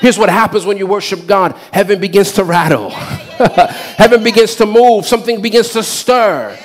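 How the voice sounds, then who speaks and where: High-voiced preaching man. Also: normal speed. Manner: preaching with rising shouts and call-and-response. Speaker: pastor. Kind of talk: sermon. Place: church.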